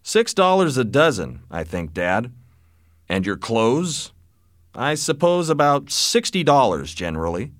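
A man's voice: medium pitch, sing-song, measured pace, no echo. A man voicing an earnest young man pleading with his father, in a dry-sounding storybook reading. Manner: earnest, plaintive.

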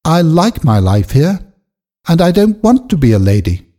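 A man's voice: a little high, big pitch swings, normal speed, dark tone, pitched above the performer's own voice. A man voicing a firm, loyal young village woman in a storybook reading, speaking with resolve.

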